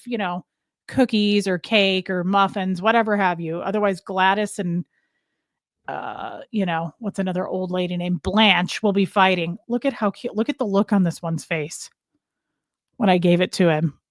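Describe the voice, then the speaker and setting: A woman's voice: mid-range voice, steady tone, moderate pace, no echo, clean studio sound. Rambling woman chatting on a livestream. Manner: rambling, jumps between topics, greets viewers by name. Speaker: livestream host. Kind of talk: casual live chat with viewers.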